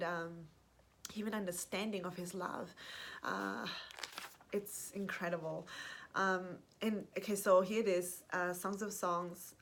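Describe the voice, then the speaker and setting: Speaking to camera in a voice on the low side, a Christian woman shares her faith testimony effusively. She frequently restarts sentences, reads scripture more softly, and ends by blessing her listeners.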